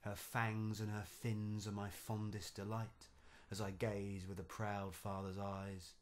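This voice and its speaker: A man voicing a calm, loving old knight and father, speaking steady in a storybook verse reading. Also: fairly low pitch, slow. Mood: calm, proud.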